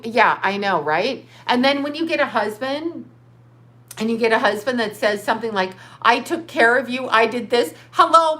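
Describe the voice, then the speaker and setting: A middle-aged woman chats loosely on her own livestream, answering viewers as a psychic. Her voice sits a little high, and she rambles from topic to topic, bursting into profane outbursts. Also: a bit bright. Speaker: livestream host. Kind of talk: casual livestream chat reading viewer comments.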